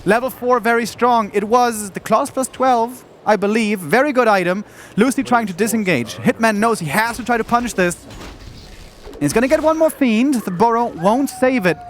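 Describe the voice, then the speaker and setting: A man commentating a live strategy game match, calmly explaining play and tactics. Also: high-pitched, normal speed. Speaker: esports commentator. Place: event studio.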